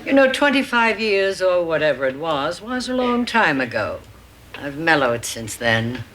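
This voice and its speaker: A woman's voice: deep voice, big pitch swings, unhurried, very noisy. An actress playing a grand, wealthy older mother in a sitcom, dry and theatrical, laying on guilt. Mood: guilt-tripping. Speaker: sitcom character.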